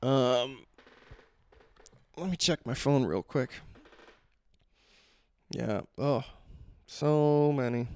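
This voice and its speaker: Male podcast host, loose profane monologue, gravelly fry, dry sound. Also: mid-range voice, extremely slow, long pauses, darkish tone, no echo. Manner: rambling, profane, self-interrupting. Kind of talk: casual solo podcast monologue.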